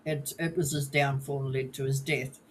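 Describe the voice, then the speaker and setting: A podcast co-host telling stories in a relaxed, casual way on a live show, with a teasing streak. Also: mid-range voice, normal speed, slight background noise.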